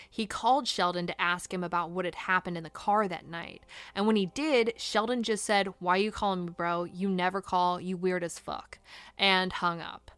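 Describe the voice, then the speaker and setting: A woman's voice: mid-range voice, fairly bright tone, no echo. A young woman hosting a true crime podcast, narrating casually with sarcastic asides and rhetorical questions.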